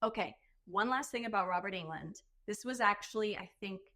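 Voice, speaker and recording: Chatty woman telling stories, mid pitch. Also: a little fast, pushed and bright. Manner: chatty, many "like" fillers, laughs often. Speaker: podcast guest, burlesque performer. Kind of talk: casual storytelling chat.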